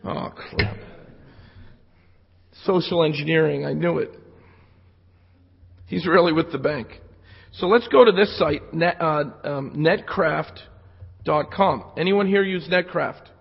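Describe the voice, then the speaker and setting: A man giving a live technical talk at a conference, casual and joking with the audience, hoarse from losing his voice. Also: a little high, measured pace. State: losing his voice from jet lag. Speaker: security conference speaker. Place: conference hall. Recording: lo-fi hall recording with long reverb.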